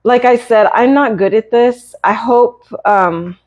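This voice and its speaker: A woman in her fifties from the United States, a cat breeder on a live stream, telling a hard personal story in a halting, earnest, emotional way. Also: fairly high pitch, darkish tone, highs cut off. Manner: halting and earnest, with many hesitations. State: emotional, close to tears.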